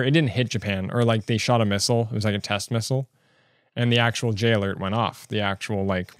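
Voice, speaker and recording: Man rambling through a solo podcast, kinda low voice, lots of likes and uhs, dry sound. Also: clear, resonant tone, no echo. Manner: rambling, with many fillers and restarts. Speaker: podcast host. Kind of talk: solo stream-of-consciousness podcast.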